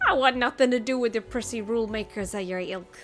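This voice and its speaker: A woman voicing a gruff, hard-drinking male blacksmith in a fan voice-over of a game cutscene, with a coarse put-on pirate-style brogue. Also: fairly high pitch, fast talker, fairly bright tone, soft background music, lightly acted. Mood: grumbling.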